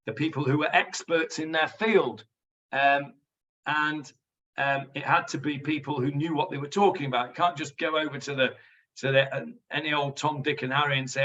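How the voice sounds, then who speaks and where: Rabbi, bright and forceful voice, teaching online; sits back from the mic, audio dull. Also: male voice, a little high, recorded from a distance. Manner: chatty, explains Hebrew words to students. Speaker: rabbi teaching a Talmud class. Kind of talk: online Talmud lesson. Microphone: video call.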